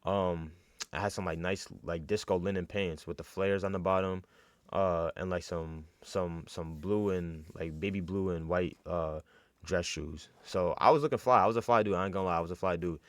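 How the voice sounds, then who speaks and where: A man's voice: sits low, fairly even intonation, moderate pace, dry recording. A young man from New York telling a casual, slangy story with lots of fillers and restarts.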